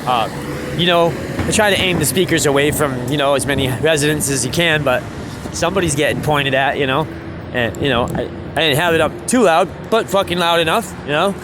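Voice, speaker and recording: A man's voice: a little high, brisk, over music. A man, a street musician, telling a rambling story in casual chat, swearing and laughing often.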